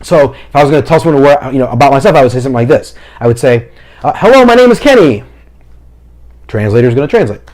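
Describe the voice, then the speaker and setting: A man who talks fast, giving practical teaching advice to camera and acting out short examples as he goes. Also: medium pitch, fairly even intonation, a little mellow. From Philadelphia, family from Puerto Rico. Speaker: mission trip leader and preacher. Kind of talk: instructional talk to camera.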